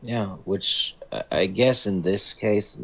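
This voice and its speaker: Deep husky man on a dull, lo-fi line. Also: slow, a bit bright. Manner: short agreeing remarks, thoughtful asides. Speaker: movie review co-host. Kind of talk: casual film discussion.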